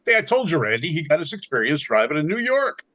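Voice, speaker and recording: A man's voice: a little high, very animated, quick pace, pushed and bright, poor audio. A man co-hosting a podcast, friendly and prompting the guest with questions. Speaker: podcast co-host. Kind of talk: casual podcast chat.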